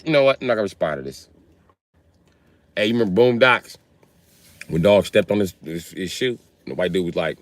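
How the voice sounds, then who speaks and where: A livestream host delivers a casual comedic rant, rambling, swearing and laughing often. His voice sits low and is very animated at a moderate pace, captured in a dry recording.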